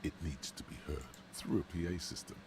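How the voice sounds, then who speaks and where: A wry, deep inner-voice narrator. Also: male voice, fairly even intonation, background noise. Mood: sardonic. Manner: dry, sardonic, measured.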